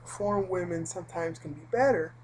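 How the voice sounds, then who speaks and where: A woman's voice: fairly low pitch, brisk, a little mellow, a little hiss or hum, poor audio. A woman telling a personal story in a casual, rambling vlog, full of fillers and asides. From Puerto Rico. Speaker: vlogger.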